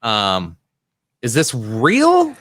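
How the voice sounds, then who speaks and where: A man hosting a casual podcast, reading out viewer comments in a halting way full of ums. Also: mid-range voice, wildly swooping pitch, a bit bright, no room sound, studio quality. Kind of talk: casual chat.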